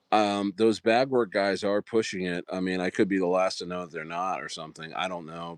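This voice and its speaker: A man's voice: fairly low pitch, no room sound, studio quality. A man hosting a casual livestream, chatting in a rambling way with lots of fillers and restarts. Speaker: livestream host.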